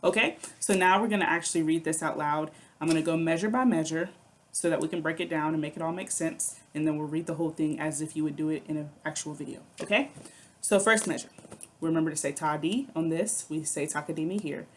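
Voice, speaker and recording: Woman music teacher with a lowish voice, patient, counting beats aloud, faint hiss behind. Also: fairly even intonation, quick pace. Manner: patient, counts aloud and chants rhythm syllables. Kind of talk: recorded online music lesson.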